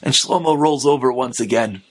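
A man's voice: mid-range voice, moderate pace. A man, a rabbi, telling a story as a sermon and acting out its characters. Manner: animated, acting out voices.

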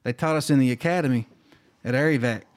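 A man's voice: medium pitch, fast talker. Man telling a story animatedly. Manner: animated storyteller acting out dialogue. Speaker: flight nurse. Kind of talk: casual podcast storytelling.

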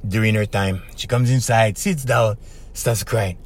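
A man's voice: lowish voice, a little slow. A middle-aged man, hosting a podcast and telling a client's story in a chatty way, checking in with "okay?" and "right?". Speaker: podcast host and life coach.

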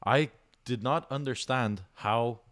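A male podcast host from Montreal speaks at a middle pitch. His voice is recorded very dry and close. He keeps the talk relaxed, agreeing with his guests and steering them back to their stories. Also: slow pace, no echo. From Montreal, Canada. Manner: easygoing, agreeable, steers the conversation. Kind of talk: casual podcast chat.

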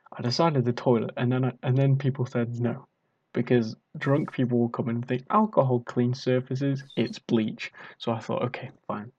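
A man's voice: medium pitch, a little mellow, muffled recording. A young British man casually telling a rambling, self-mocking party story. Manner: rambling, self-mocking, acts out drunk quotes.

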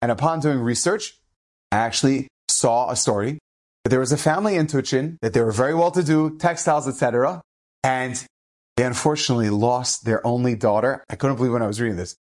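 A man telling a family story as an inspirational talk, animated and emphatic, acting out the people in it. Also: mid-range voice, a little fast. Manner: animated, acts out the people in his stories; emphatic, punches key phrases. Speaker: inspirational speaker.

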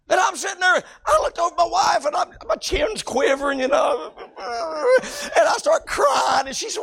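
A middle-aged man, a pastor preaching a sermon in a folksy storytelling way with loud bursts. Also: very high-pitched, creaky.

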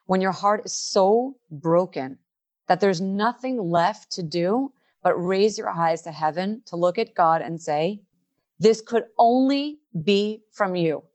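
A middle-aged woman gives a heartfelt inspirational talk. Her delivery is earnest and emotional, and she draws out her key phrases slowly for weight. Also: lowish voice, a little mellow. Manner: emotional, earnest, slows down for emphasis. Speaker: workshop leader.

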